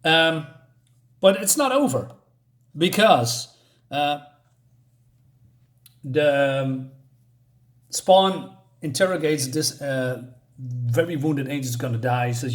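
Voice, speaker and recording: A man's voice: medium pitch, slow pace, long pauses. Rambling, hesitant man reviewing a comic. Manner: rambling, hesitant, many fillers and restarts.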